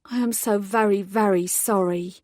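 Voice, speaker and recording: A woman's voice: medium pitch, fairly even intonation, normal speed, a little mellow, dry recording, studio quality, lightly acted. A woman voicing a young female detective, firm and earnest, in an audiobook.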